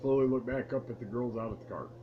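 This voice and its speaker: A medium-pitched man talks quickly, reminiscing about his past to the camera in a relaxed, rambling, amused way. The vlogger sits in a room at home lit by a lamp, and the audio has its highs cut off plus a little hiss or hum.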